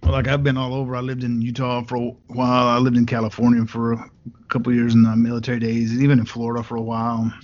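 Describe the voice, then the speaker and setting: A man's voice: medium pitch, monotone, fast, darkish tone. A man from West Texas, rambling and joking as a podcast host in casual chat. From West Texas, USA. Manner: rambling, jokey storyteller. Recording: dull lo-fi sound.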